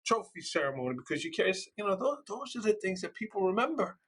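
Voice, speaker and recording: A middle-aged man, a school administrator telling stories in a passionate, loud, conversational way. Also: high voice, fast. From New York. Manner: passionate, loud, storytelling with animated quoted voices. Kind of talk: conversational interview.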